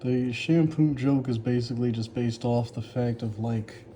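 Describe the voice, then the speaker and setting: A man's voice: medium pitch, normal speed, warm tone, slight background noise. A man in casual commentary, reacting sarcastically to his own old writing, mocking it and laughing often. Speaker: author reviewing his old story.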